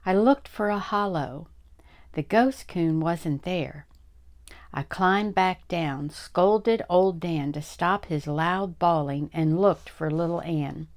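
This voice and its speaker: An older woman, a grandmother, reading a chapter book aloud slowly and deliberately. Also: on the low side. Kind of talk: storybook read-aloud.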